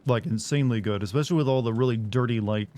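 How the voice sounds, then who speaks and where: A man's voice: medium pitch, quick pace, mellow. A man casually commenting as he plays a game on stream, rambling and cracking crude jokes to his chat.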